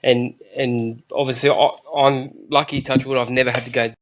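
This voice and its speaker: A man's voice: mid-range voice, little pitch movement, moderate pace. A man in his forties co-hosting a podcast, joking casually. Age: 40s. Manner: joking, short interjections. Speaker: podcast co-host. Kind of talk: casual chat.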